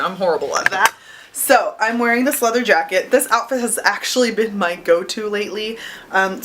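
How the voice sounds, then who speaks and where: A woman's voice: mid-range voice, bright, forceful tone, poor audio. A young adult woman talking casually to camera in a bubbly, upbeat, chatty vlog. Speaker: vlogger.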